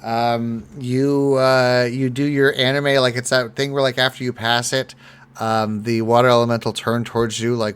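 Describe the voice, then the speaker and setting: A man's voice: mid-range voice, level tone, normal speed, clean tone. A man running a tabletop game as dungeon master, rambling with many fillers and frequent laughs. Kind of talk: narrating a tabletop game, casual.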